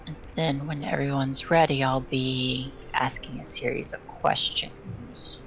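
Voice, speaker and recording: Calm woman game master, extremely low and slow, faint hiss with typing. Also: vocal fry. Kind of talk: explaining game setup.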